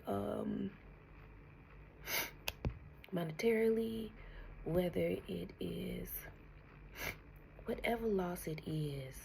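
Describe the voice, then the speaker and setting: A woman giving a spiritual tarot message, speaking slowly and soothingly, often dropping to a breathy whisper and calling the listener honey, sounding emotional and close to tears. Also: fairly low pitch, dark tone, a little hiss or hum. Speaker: tarot reader.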